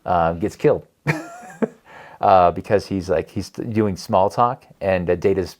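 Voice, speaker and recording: A man's voice: low-pitched, a little slow. A man co-hosting a podcast in casual chat, rambling and chatty with frequent laughs. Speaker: podcast co-host.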